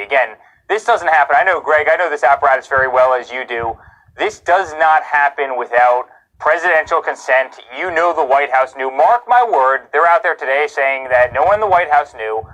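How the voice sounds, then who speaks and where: A man's voice: mid-range voice, expressive, brisk, fairly bright tone, highs cut off. A man giving a live TV news interview as a guest, talking in a heated, indignant way and hammering points home with repetition.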